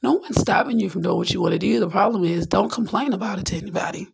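Brief: rambling podcast host, woman, gravelly and breathy, candid, acts out bits. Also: medium pitch, quick pace. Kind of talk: casual spiritual monologue.

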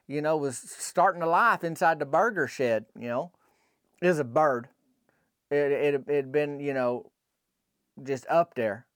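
A man's voice: on the high side, no room sound, studio quality. Folksy rambling storyteller, a man. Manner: rambling, colloquial, drawn-out asides. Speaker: podcast storyteller.

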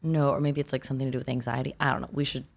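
A woman co-hosting a podcast in a studio, with a very deep voice full of gravelly fry. She jokes playfully and keeps the banter casual. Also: flat delivery, very fast. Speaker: podcast co-host, writer.

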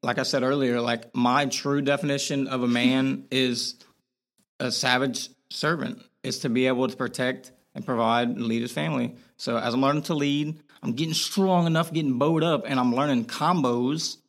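A man's voice: medium pitch, fairly even intonation, normal speed. A young man speaking frankly as a podcast guest, in a casual conversational way with lots of fillers. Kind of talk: candid conversational interview.

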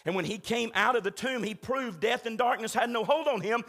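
A male pastor with a strikingly high, bright voice delivers an urgent, emphatic sermon in a church. He presses his points again and again and keeps calling out to the congregation for a response. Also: fairly quick. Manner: emphatic preaching, urgent and repetitive, calls out to congregation.

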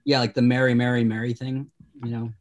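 A man's voice: medium pitch, flat delivery, fairly quick. A man from Massachusetts with a light Boston accent, chatting casually and explaining things with lots of fillers. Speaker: former tour guide. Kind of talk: casual chat.

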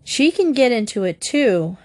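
A woman's voice: a little high, very animated, unhurried, a little mellow, voice pushed up. A woman voicing a wisecracking teenage boy in a storybook reading, teasing and wry.

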